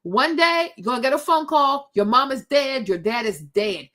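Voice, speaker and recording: Speaking straight to her viewers, a high-voiced, middle-aged host shares something from her own life. Her style is animated and talkative, dotted with side remarks and frequent check-ins with the listeners.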